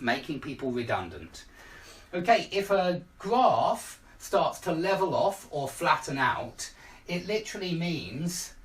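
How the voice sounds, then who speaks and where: A man's voice: fairly high pitch, a bit bright, far from the mic. A man teaching an online lesson, patiently explaining with everyday examples. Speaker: English teacher.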